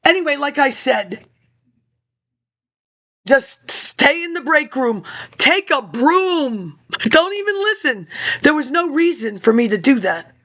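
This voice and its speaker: High-voiced rambling woman vlogger. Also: big pitch swings, takes it slowly, long pauses, a bit bright. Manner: rambling, jumps between tangents, addresses viewers directly. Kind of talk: rambling personal monologue.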